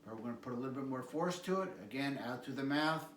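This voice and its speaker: A man teaching qigong, calmly cueing stretches and breathing sounds with repeated prompts. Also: medium pitch, fast, a little hiss or hum. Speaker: qigong instructor. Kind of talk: guided exercise instruction. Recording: echoey room, mic at a distance.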